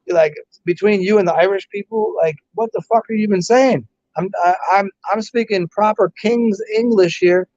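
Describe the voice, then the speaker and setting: A man's voice: sits high, moderate pace, few pauses, a little mellow, slight background noise. An American man casually chatting on a livestream, profane and joking, rambling with lots of restarts. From United States. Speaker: livestream host reading chat. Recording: dry, dull lo-fi stream audio.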